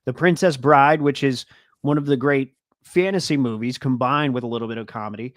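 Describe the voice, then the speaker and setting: A man's voice: mid-range voice, a little fast, dry recording. Male podcast co-host, earnest, trails off, dry close sound. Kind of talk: casual sports podcast chat.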